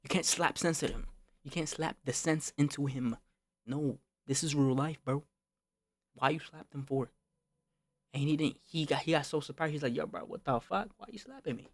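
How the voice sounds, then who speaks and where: A man's voice: fairly high pitch, steady tone, normal speed, pauses often, no room sound. Young man ranting in a slangy storytime. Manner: slangy, repeats himself, swears, calls the listener bro; rising to heated outbursts. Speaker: streamer. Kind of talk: casual storytime rant.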